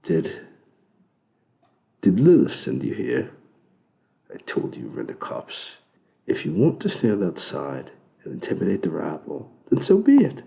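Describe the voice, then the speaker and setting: A man's voice: low voice, huge pitch swings, unhurried, creaky, long pauses, warm tone, full character voice. A man voicing a suave, sardonic male devil who runs a club, speaking with a British accent in a smug, lecturing way. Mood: irritated.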